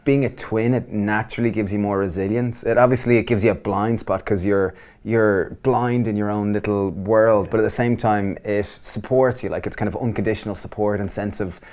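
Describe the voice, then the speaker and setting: Lower-voiced Irish man, eager guest. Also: fairly even intonation, moderate pace, a little mellow. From Ireland. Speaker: guest, business co-founder. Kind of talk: casual interview chat.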